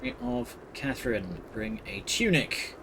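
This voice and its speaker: A man's voice: medium pitch, wildly swooping pitch, normal speed, gravelly, background noise. A man giving casual, sardonic commentary while streaming a game. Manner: dry, sardonic, wandering. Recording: voice over loud game music.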